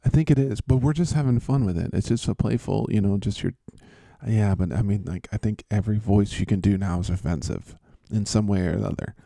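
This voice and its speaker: Male host, low dark gravelly voice, jokey and rambling, dry sound. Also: fairly quick, no room sound. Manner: joking, rambling, teasing. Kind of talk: casual chat.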